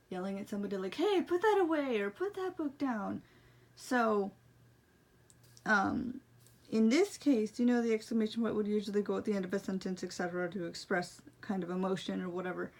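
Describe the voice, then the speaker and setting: A young woman casually explaining braille punctuation, rambling and apologizing for her explanations. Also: medium pitch. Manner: self-deprecating, rambling, apologetic. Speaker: braille teacher. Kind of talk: casual tutorial.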